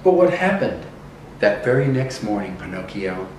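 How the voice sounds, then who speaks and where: A man voicing a kind female fairy godmother with silver wings, who asks questions in a gently insistent way. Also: on the low side, very animated, moderate pace, a little hiss or hum. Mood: probing. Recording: echoey room from a distance.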